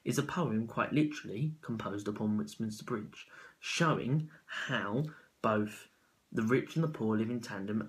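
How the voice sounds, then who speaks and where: A man giving an unscripted spoken analysis of a poem as a student, halting and correcting himself as he goes. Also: fairly low pitch, poor audio. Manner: halting, with self-corrections and fillers.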